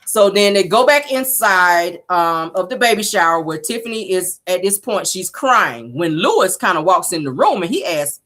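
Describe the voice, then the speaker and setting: A woman, casually recapping a reality show. She is blunt and sassy, swears freely, and acts out quotes with big jumps in pitch. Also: very animated, normal speed, hardly any pauses, a bit bright.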